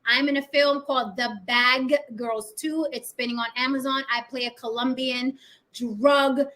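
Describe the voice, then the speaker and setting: High, bright-voiced blunt woman vlogger. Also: steady tone, unhurried. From Puerto Rico. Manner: blunt, swears freely, asks the audience "right?" often. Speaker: vlog host and actress. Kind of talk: casual opinion monologue to camera.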